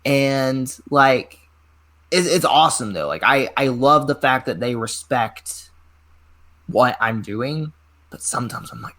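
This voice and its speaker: Young man, twenties, wrestler guest, chatty storytelling, rambling, mid pitch. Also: slow. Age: 20s. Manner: animated rambling storyteller, heavy on filler words. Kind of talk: casual interview storytelling.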